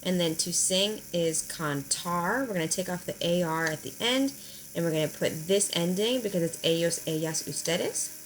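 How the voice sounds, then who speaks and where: A woman teacher, explaining verb endings in a recorded lesson, slowing down to spell them out. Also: lowish voice, slight background noise, poor audio. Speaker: high school Spanish teacher. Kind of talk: recorded video lesson at a whiteboard.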